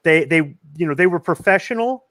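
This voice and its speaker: A man from North Carolina in a casual chat, telling anecdotes in a relaxed, easygoing way. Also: on the high side, fairly quick, no room sound, clean studio sound. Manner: relaxed anecdote-telling with repeated "you know".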